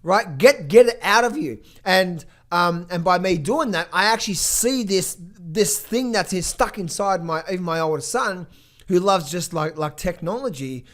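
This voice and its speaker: A hoarse man in his thirties or forties, a trading coach giving blunt, emphatic motivational talk and market commentary in a vlog. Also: high voice, expressive, moderate pace, a bit bright. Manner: emphatic, blunt, swears freely.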